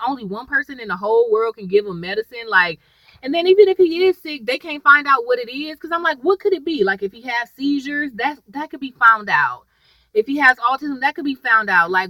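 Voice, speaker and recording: A woman's voice: high voice, bright, forceful tone, dry recording, rough recording. A woman chatting through a TV episode recap, rambling and wandering off on tangents while talking to her viewers. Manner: addresses viewers as "y'all". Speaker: TV episode reviewer.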